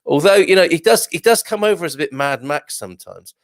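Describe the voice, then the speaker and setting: A male host chatting casually on a live show, reading out viewers' comments and joking back at them. His voice has a gravelly edge. The sound is dry, with no room echo. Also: on the high side, lively intonation, fairly quick. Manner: chatty, jokey, with frequent fillers and restarts; reads viewer comments aloud.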